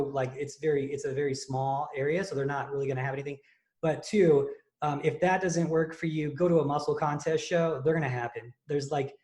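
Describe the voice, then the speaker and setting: A man hosting a fitness podcast, telling a story in casual, excited chat full of fillers and restarts. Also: on the high side. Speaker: podcast host and contest prep coach.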